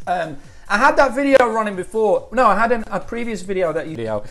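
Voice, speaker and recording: A man with a British accent reading out live-stream chat in a sarcastic, animated way, swearing freely. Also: high voice, fairly quick, soft background music. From United Kingdom.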